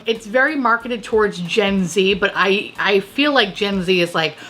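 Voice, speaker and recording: A woman's voice: mid-range voice, lively intonation, moderate pace, fairly bright tone, a little hiss or hum. A young woman giving casual, profane and sarcastic commentary on new makeup releases.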